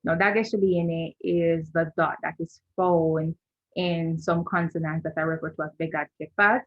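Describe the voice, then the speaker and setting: A woman's voice: sits low, steady tone, normal speed, lo-fi sound. A woman teaching a screen-share lesson, patient and repetitive, often checking in with "right?". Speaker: language teacher.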